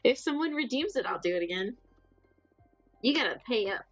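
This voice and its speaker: A woman's voice: a little high, animated, brisk, dry recording, dull audio, soft background music. A woman streaming a game live, chatting playfully with viewers.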